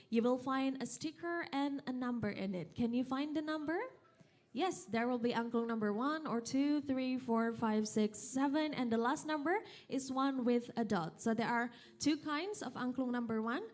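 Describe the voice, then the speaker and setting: A young Indonesian woman whose first language is Sundanese, leading an audience workshop as an instrument instructor in a lively, coaxing way, counting out and calling commands. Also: sits high, normal speed. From West Java, Indonesia. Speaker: angklung instructor. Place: hotel event hall.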